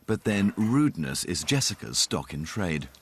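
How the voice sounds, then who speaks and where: A man narrating a documentary in a wry, measured scripted style. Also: low-pitched, sing-song, background noise. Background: music.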